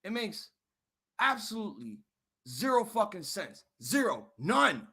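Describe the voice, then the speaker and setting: A man hosting a live wrestling reaction stream, ranting angrily and swearing, swinging from muttering to shouting. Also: high-pitched, big pitch swings, a little slow, breathy edge. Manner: angry, profane ranting.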